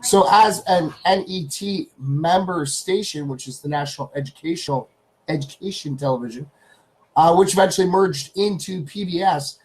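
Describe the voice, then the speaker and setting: Broadcasting casually from his home studio, a talkative man from Canada speaks at a normal speed in a darkish voice that's slightly high, over rough audio. Between calling out viewers' names, he chats to his pets and repeats himself a lot.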